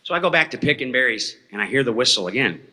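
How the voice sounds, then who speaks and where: A man's voice: mid-range voice, lively intonation, fast talker, sharp tone. A man telling a story to a live audience in a folksy, rambling way, often checking in with "okay?". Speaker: eyewitness speaker at a talk. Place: hall before an audience. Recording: reverberant hall sound.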